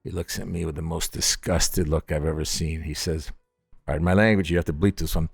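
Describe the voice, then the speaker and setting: This middle-aged man from upstate New York, a distillery founder being interviewed at his distillery, speaks a little fast with a husky, vocal-fry voice. He's an animated storyteller, voicing the people in his anecdotes with big leaps in pitch.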